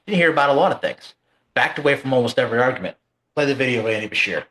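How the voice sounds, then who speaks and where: A man's voice: mid-range voice, animated, racing, sharp tone, a little hiss or hum. A man co-hosting a casual political talk show, ranting angrily and swearing freely. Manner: angry, profane ranting. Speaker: podcast co-host.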